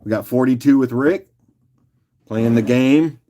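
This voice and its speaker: A man hosting a casual live-stream rock auction, joking and chatting with viewers by name in a loose, unhurried way. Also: mid-range voice, mellow, a little hiss or hum. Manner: loose and unhurried, with fillers and restarts while doing other tasks.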